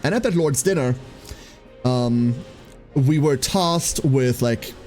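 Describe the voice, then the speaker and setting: A man's voice: mid-range voice, animated, slow, a little mellow, soft background music. A man streaming, casually chatting with his viewers and telling a story, swearing freely and acting out the people he quotes.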